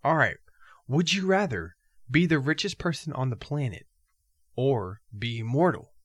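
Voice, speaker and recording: A man co-hosting a casual podcast, goofy and profane and quick to laugh. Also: medium pitch, big pitch swings, no echo, clean studio sound. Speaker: podcast co-host.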